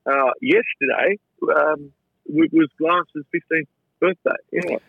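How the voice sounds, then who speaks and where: An Australian chef and restaurateur, appearing as an interview guest, spins casual anecdotes in a relaxed, rambling, chatty way, stumbling and repeating his words. His husky, slightly high voice moves slowly and sounds narrow and tinny, like a phone line. The recording is dry, with no room sound or echo.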